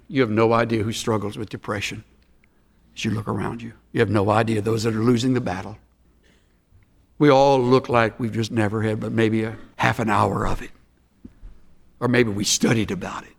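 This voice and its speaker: An older man preaching a sermon, telling stories and swinging from hushed asides to shouted emphasis. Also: lowish voice, fairly quick, gravelly. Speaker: pastor. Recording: long hall reverb.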